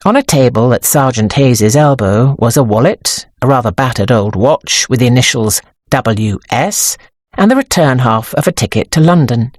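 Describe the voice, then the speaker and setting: A woman narrating an audiobook in a measured, expressive storytelling manner, close to the microphone. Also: extremely low pitch, dry recording. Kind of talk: scripted narration.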